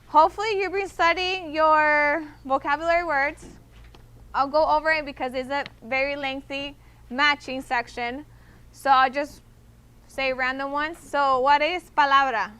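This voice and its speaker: A woman with a high, bright voice teaches her class at an unhurried pace. She explains patiently and keeps checking that the students follow. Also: steady tone. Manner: patient, repeats "okay?" to check understanding. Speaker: Spanish teacher. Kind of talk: classroom instruction.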